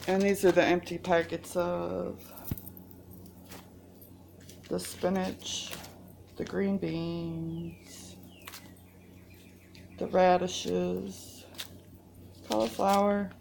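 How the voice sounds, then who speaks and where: A woman's voice: fairly low pitch, level tone, extremely slow, creaky, pauses often, noisy background. A woman gardening vlogger sounding stuffy and congested, chatting in a rambling, self-interrupting way outdoors in her garden. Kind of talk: casual chat.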